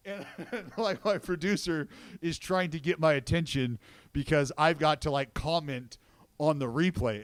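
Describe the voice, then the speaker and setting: A man who calls baseball games, chatting casually on a podcast and telling animated stories, swearing freely. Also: fairly high pitch, moderate pace, smooth, dry recording. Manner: excitable storyteller who swears and gets loud reliving plays. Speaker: baseball broadcaster and podcast co-host. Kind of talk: casual chat.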